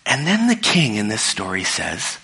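Bright-voiced man preaching in a reverberant hall. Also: fairly low pitch, wildly swooping pitch, normal speed, gravelly. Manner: conversational storytelling with restarts. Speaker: pastor. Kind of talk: sermon.

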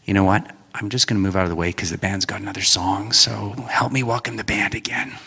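Deep guy, sharp tone, casual church announcements, long reverb. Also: quick pace, creaky, heavy background noise. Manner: relaxed, informal, encouraging. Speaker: church speaker before the band. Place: large church hall.

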